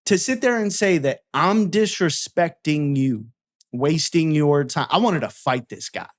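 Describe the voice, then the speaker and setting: A man's voice: a little high, lively intonation, unhurried. A man telling a story in casual chat, swearing freely and acting out both sides of a heated argument.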